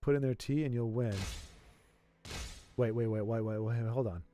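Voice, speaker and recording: A man's voice: medium pitch, fairly even intonation, normal speed, dark tone, highs cut off, faint music behind. A man chatting casually with his livestream audience, rambling and playfully arguing, with many restarts. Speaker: streamer.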